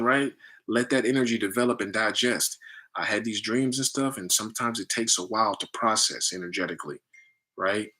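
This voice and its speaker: Bright-voiced man giving casual spiritual talk. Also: lowish voice, brisk. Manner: animated, preachy, repeats "right?" and "family". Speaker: livestream host talking to his community.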